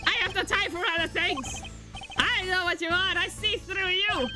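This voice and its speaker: A woman's voice: very high-pitched, steady tone, normal speed, loud music behind the voice. A woman voicing a haughty, wealthy male art dealer who talks in a pompous, arrogant way.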